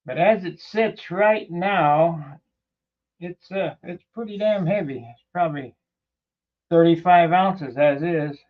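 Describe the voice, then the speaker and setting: A man's voice: fairly high pitch, slow, narrow, tinny audio. A man hosting a casual workshop vlog on building model airplanes, talking in a rambling, plainspoken way with loose asides.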